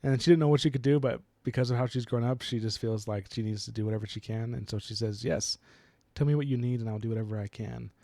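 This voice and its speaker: A man's voice: medium pitch, fast talker, few pauses, mellow, dry recording. A man chats through a book on a casual podcast, slipping into little quoted voices as he retells scenes. The sound is dry and close, with no room around him. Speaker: podcast co-host.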